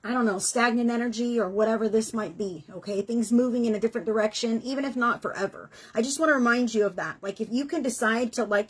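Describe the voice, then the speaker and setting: A woman's voice: fairly high pitch, fast talker, few pauses, husky. A middle-aged woman giving a chatty, earnest tarot reading, emotional at times and swearing casually. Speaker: tarot reader.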